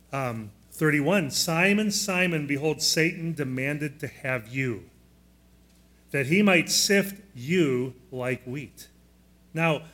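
A male pastor preaching a sermon in a slightly raised, clear voice. He is plainspoken and teacherly, steadily asking his listeners questions. He walks them through the blanks in their sermon notes. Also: on the high side, a bit bright. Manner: plainspoken, asks the congregation frequent questions.

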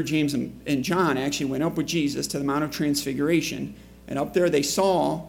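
Gravelly-voiced man preaching conversationally. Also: fairly high pitch, darkish tone, slight background noise. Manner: conversational, asks the congregation questions. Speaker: pastor. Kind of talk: sermon. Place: church before a congregation.

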